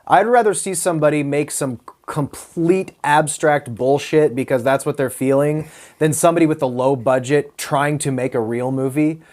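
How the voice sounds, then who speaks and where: A man's voice: a little high, moderate pace, few pauses, darkish tone. A man hosting a casual movie-review podcast, rambling, searching for words and swearing freely. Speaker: podcast host.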